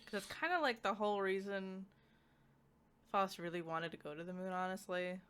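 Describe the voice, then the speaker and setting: A woman's voice: medium pitch, normal speed, fairly bright tone, smooth. A woman co-hosting a casual book club chat, talking loosely and laughing often.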